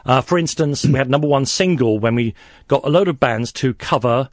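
A man's voice: medium pitch, a little fast, dry recording. A man on a late-night radio show in the studio as a guest, telling rambling anecdotes with many restarts.

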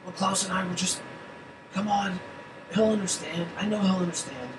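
A man's voice: sits high, moderate pace, background noise, pitched above the performer's own voice, lightly acted. A man voicing a whimpering, pleading male underling in a tabletop game, recorded from a distance in a roomy space. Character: whining young male underling.

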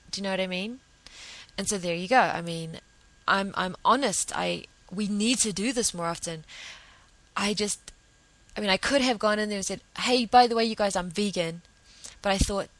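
A middle-aged woman hosting a podcast, telling a rambling story in a chatty, animated way. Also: medium pitch, no echo, rough recording. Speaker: podcast host. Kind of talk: casual monologue.

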